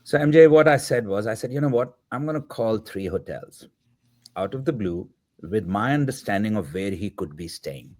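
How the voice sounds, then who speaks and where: Lower-voiced man telling a long anecdote. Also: expressive, moderate pace, a little mellow. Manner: acts out quoted dialogue in the telling; reflective, with filler words. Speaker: podcast guest, filmmaker. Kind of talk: anecdotal storytelling.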